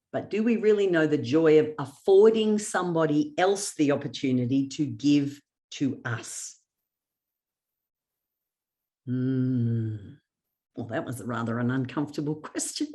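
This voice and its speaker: A woman with a notably low voice leads a motivational workshop. She tells personal anecdotes, slips into the voices of the people she quotes and laughs easily. She sounds middle-aged. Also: a little mellow. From Australia. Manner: storytelling with acted quotes and sarcasm; laughs often. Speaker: workshop presenter.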